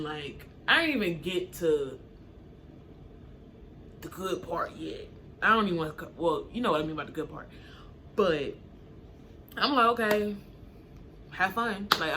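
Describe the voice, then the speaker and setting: A young woman casually telling a story to camera, acting out what people said with sudden high jumps in her voice. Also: background noise. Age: young adult. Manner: animated, acts out quotes with sudden high pitch jumps. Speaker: storytime vlogger.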